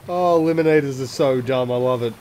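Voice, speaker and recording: A man's voice: medium pitch, fast, darkish tone, a little hiss or hum. A man hosting a let's play, giving casual gameplay commentary, swearing often and making self-mocking, chatty asides. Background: game music.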